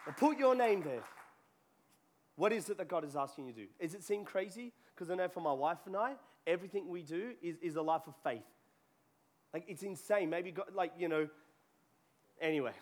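A man's voice: sits high, expressive, a little fast, pauses often, a little mellow. A man preaching a sermon to a congregation in a church, talking conversationally and joking with people in the room. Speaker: pastor. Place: church hall before a congregation.

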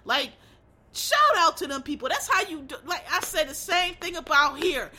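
A high-pitched American woman with a sharp, bright tone lets loose in a casual rant. She is blunt and heated and swears freely as she talks. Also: normal speed. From United States.

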